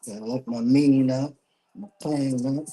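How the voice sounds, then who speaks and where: A man's voice: medium pitch, steady tone, normal speed, dark tone, slightly rough, low-quality recording. A man hosting a livestream, chatting loosely with viewers while waiting to start an interview. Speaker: livestream host. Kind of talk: casual livestream chat.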